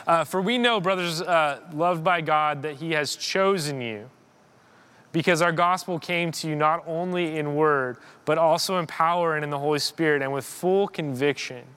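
A man's voice: on the high side, normal speed, a bit bright, smooth. A man giving an informal sermon in a church, conversational, repeating words and rising in emphasis. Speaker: preacher.

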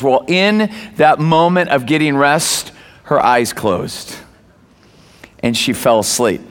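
A middle-aged man preaching a sermon as pastor, telling a family story with many restarts and lively acted-out quotes. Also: medium pitch, takes it slowly, long reverb tail. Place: church.

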